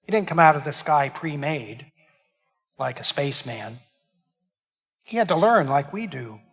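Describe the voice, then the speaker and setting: A man's voice: a little high, lively intonation, unhurried, a bit bright, breathy edge, big-room sound. A man, a parish priest, preaching a homily and explaining Greek words with dramatic emphasis. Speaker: pastor. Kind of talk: sermon. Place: church.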